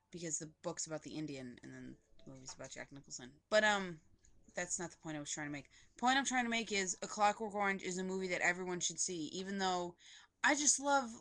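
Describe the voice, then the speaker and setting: A young woman with a fairly low, slightly bright voice vlogs a casual movie review on her webcam from a poorly lit room at home. She gushes and rambles, saying "like" a lot.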